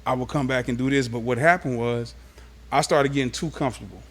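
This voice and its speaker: A man's voice: medium pitch, a little fast. A man from Los Angeles, a guest in an interview, telling stories of his youth in a casual, streetwise way. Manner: animated, streetwise storytelling.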